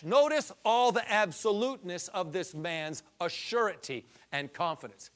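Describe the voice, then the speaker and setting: This is a man preaching a storytelling testimony. His voice sits high and his delivery is folksy. It swells into fervent emphasis as the story builds. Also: normal speed, few pauses, a bit bright.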